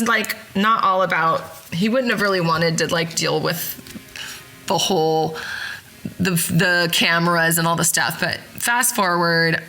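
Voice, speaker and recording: A woman hosting a podcast, telling a story in a rambling, excited way and often correcting herself mid-sentence. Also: fairly low pitch, rough recording. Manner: rambling, with frequent self-corrections and fillers. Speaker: podcast host. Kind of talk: casual storytelling.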